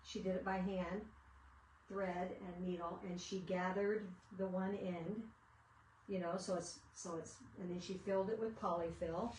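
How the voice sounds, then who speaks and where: A woman's voice: on the low side, a little mellow, a little hiss or hum. A woman hosting a casual craft video, chatting and rambling through stories as she works. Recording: echoey room, mic at a distance.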